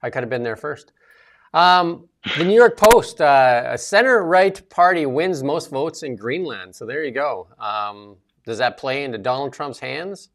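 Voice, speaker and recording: A man's voice: mid-range voice, lively intonation, unhurried, fairly bright tone. A middle-aged man co-hosting a casual political chat, rambling with many fillers and restarts. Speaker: co-host.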